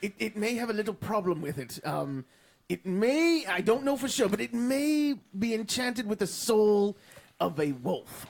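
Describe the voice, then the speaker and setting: A flustered fantasy shopkeeper haggles over the price of dresses in a tabletop role-play, stammering and backpedalling, as a game master puts him on. The pitch rises and falls a lot, and a gravelly fry runs underneath it. The delivery is fussy and a little sly. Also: very animated, unhurried, a little mellow, full character voice. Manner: flustered, stammering shop talk.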